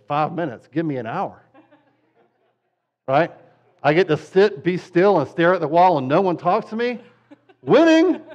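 A man's voice: a little high, dull audio. A pastor teaching parents in a casual, conversational way, with joking asides, who keeps checking in with his listeners.

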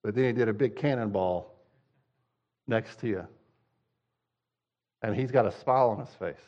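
A man's voice: fairly low pitch, normal speed, a little mellow, muffled recording. A male pastor preaching a sermon, direct and conversational, using emphatic repetition.

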